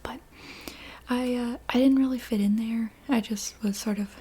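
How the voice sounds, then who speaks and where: A friendly pet lake fish chats in a soft, breathy whisper, as a woman puts it on for a whispered role-play. The voice sits a little high but sounds mellow and relaxed. The talk is casual and easygoing, full of small fillers. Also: normal speed.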